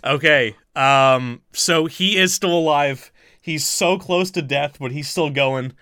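A man's voice: a little high, takes it slowly, bright, forceful tone, smooth, no echo, studio quality. A man running a tabletop game as game master, rambling with fillers, swearing casually and laughing often.

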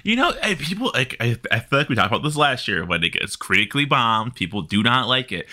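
Bright-voiced man, joking podcast co-host. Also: medium pitch, big pitch swings. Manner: laughs often, jokey, quick asides. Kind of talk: casual chat.

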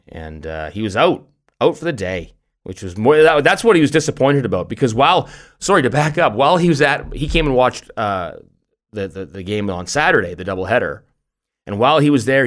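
A middle-aged man co-hosting a podcast, telling stories in an animated way with lots of restarts and laughs. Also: medium pitch, brisk. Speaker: podcast co-host. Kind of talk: casual chat.

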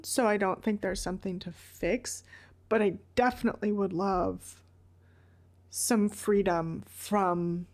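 A woman guest on a podcast, speaking candidly and reflectively, thinking aloud into a large studio microphone. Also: medium pitch.

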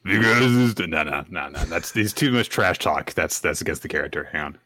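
A young man joins a casual podcast chat about an anime. His voice sits low but sounds bright and forward. The recording is close and dry, with no room sound. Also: expressive, moderate pace, no room sound. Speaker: podcast co-host.

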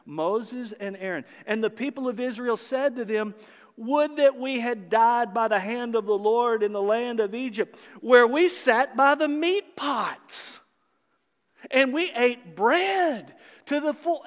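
A pastor with a notably high voice preaches a sermon at an unhurried, deliberate pace, reading scripture and teasing his listeners with playful sarcasm. A long reverb rings around him, as in a large church sanctuary.

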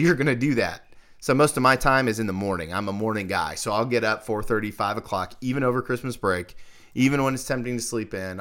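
Emphatic man preaching a practical sermon. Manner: emphatic, repeats key phrases, energetic swings in pitch and volume. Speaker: pastor.

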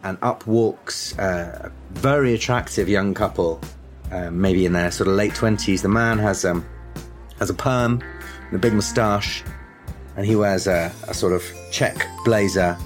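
A man narrating a tabletop horror game as game master, halting with frequent ums. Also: low-pitched, faint music behind. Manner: hesitant, many ums and uhs.

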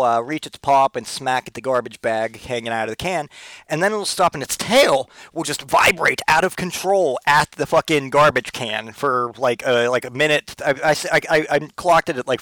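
Male podcast host, mid-pitched, rambling and profane, comic storyteller, dry close sound. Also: a bit bright, no room sound. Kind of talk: casual solo podcast chat.

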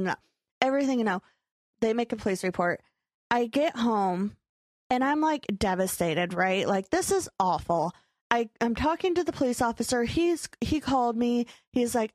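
A young adult woman hosting a podcast, telling a story in a casual chat, animated and acting out her own quotes with frequent laughter. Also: a little high, dry recording. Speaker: podcast co-host.

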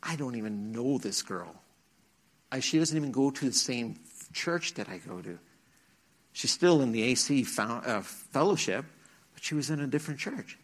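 With an expressive, fairly bright medium-pitched voice at a moderate pace, a middle-aged man preaches to teens in church. He earnestly narrates his own testimony, dramatizing the quotes.

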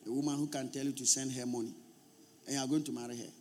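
A man preaching a sermon as pastor, emphatic and repetitive, at times shouting. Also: medium pitch, little pitch movement, fast talker, slight background noise.

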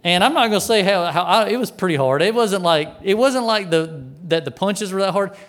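Middle-aged pastor, male, slightly high voice, folksy animated storyteller from the pulpit. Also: a little fast. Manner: animated, folksy anecdote with chuckles. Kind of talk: storytelling sermon.

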